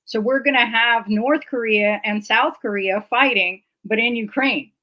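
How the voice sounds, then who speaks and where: A woman's voice: on the high side, measured pace, pushed and bright, low-quality recording. A woman co-hosting a casual political livestream, earnestly making her case point by point. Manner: earnest and argumentative, builds points in a row. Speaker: livestream co-host.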